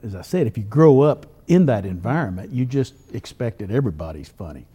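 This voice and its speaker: An older man, a columnist telling folksy stories in an interview at a drawn-out pace. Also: fairly low pitch, warm tone, slightly rough. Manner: folksy, drawn-out storytelling with chuckles. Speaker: newspaper columnist and humorist. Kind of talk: storytelling interview answers.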